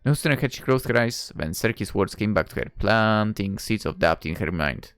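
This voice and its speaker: A woman's voice: a bass voice, lively intonation, moderate pace, hardly any pauses, smooth, no room sound, soft background music. A woman reading a story game aloud, narrating and throwing in sarcastic, swearing asides. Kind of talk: game playthrough narration and commentary.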